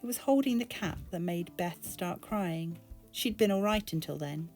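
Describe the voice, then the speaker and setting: Brief: British woman, expressive book narration, low-pitched and warm. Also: moderate pace, faint music behind. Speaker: booktube reader. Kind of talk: reading a novel aloud.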